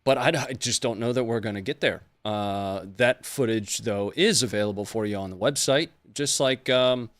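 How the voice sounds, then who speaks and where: A man's voice: lowish voice, moderate pace, few pauses, fairly bright tone, no room sound. A man hosting a live show, chatting loosely with viewers and joking before moving into the rundown. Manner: loose, joking, greets chat by place names. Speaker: host. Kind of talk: casual livestream chat.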